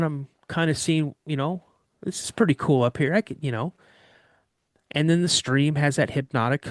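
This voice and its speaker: A man casually recounting a story from his childhood in first person, animated and vivid, often restarting mid-sentence. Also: mid-range voice, no echo, clean studio sound. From Washington state. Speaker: guest telling an encounter story.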